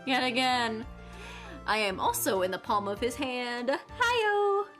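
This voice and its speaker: A woman's voice: fairly high pitch, unhurried, fairly bright tone, soft background music. A woman streaming a game, chatting casually with crude, playful jokes.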